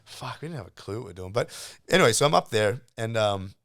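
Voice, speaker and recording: A middle-aged man from South Africa, a podcast guest and martial arts coach, telling stories in a casual, animated way, swearing freely. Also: on the low side, fast, no echo, clean studio sound. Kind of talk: casual storytelling chat.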